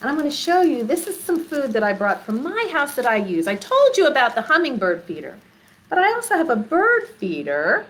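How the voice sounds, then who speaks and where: A woman's voice: high voice, brisk. A woman leading a children's storytime in a library, talking to young kids with big gasps, squeals and playful questions. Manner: animated, exaggerated gasps and squeals.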